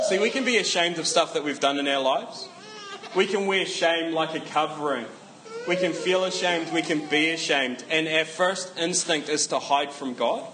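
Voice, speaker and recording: A man's voice: fairly high pitch, background noise. A man preaching a casual sermon, joking asides and emphatic repetition.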